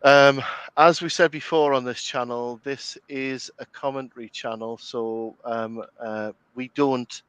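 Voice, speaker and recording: A middle-aged man from the North East of England speaks with a Geordie accent in a relaxed podcast chat. His voice is smooth and resonant, and the mic sits close in a dry space. He fills pauses with ums and restarts and often breaks into laughter. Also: mid-range voice, no echo. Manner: chatty, laughs often, many fillers and restarts. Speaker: commentary podcast host. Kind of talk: casual chat.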